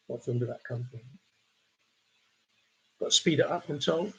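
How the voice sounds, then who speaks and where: Husky-voiced man hosting a charity quiz. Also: medium pitch, moderate pace, fairly bright tone, dull audio. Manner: chatty, reads out donors' messages between questions. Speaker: quiz host.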